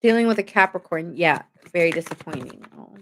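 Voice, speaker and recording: A woman's voice: fairly low pitch, animated, fairly quick, a bit bright, a little hiss or hum. A woman giving a casual live-stream tarot reading, chatty and rambling, thanking viewers as she goes. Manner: chatty, rambling, reads chat aloud. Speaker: tarot reader.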